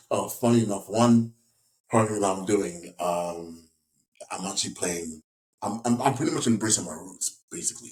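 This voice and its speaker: A young English man from West Yorkshire, an actor guest in a casual interview, talking in a rambling way with many restarts and fillers. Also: low-pitched. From West Yorkshire, England. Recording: echoey room.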